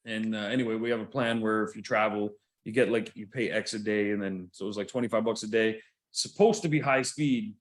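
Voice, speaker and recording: A man's voice: fairly low pitch, fairly quick. A Canadian man co-hosting a podcast in casual chat, rambling along, laughing often and swearing freely. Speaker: podcast co-host.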